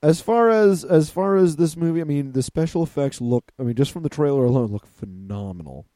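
A man's voice: a little high, expressive, fairly quick, warm tone, no echo, clean studio sound. A man hosting a casual movie-trailer chat, joking and laughing often as he leads each segment. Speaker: podcast host.

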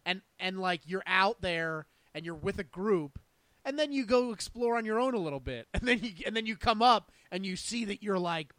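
A man co-hosting a casual chat, telling a personal story in a halting way with many restarts. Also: sits high, animated, a bit bright, no room sound. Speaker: podcast co-host.

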